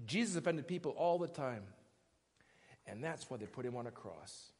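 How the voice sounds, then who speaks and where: A man's voice: mid-range voice, animated, normal speed, husky. A male pastor preaching a sermon in a conversational, emphatic way, often stopping to ask questions. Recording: echoey church hall.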